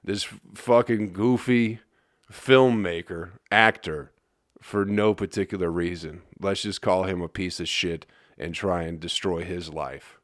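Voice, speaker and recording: A man's voice: deep voice, measured pace, no echo, clean studio sound. A hungover man from Flint, Michigan, hosting his own podcast, ranting in a profane, exasperated ramble. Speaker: comedian podcast host. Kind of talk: solo rambling podcast rant.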